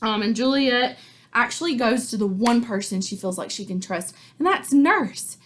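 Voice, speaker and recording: A woman's voice: fairly high pitch, expressive, moderate pace, a bit bright, slight background noise. A woman teacher giving a casual, chatty recap of a play to her class, full of likes and ums. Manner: chatty, filler-heavy, informal.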